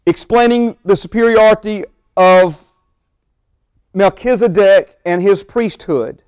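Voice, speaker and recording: A man preaching a sermon, slowing down to stress key phrases and dropping into quick, low asides to the congregation. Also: a little mellow, clear, resonant tone, dry recording, studio quality. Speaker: pastor. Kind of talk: sermon teaching.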